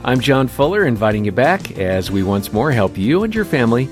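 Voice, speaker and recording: Lively male radio announcer over music. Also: mid-range voice, a little fast. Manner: smooth announcer delivery. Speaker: radio co-host. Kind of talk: scripted radio outro.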